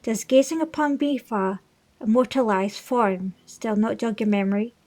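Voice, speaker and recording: A woman's voice: fairly high pitch, normal speed, darkish tone, lightly acted. A woman voicing a stately old fish-folk king. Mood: nostalgic, pleading. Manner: formal, stately reading of game dialogue. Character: older male fish-folk king, regal and fatherly. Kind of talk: reading video game dialogue aloud.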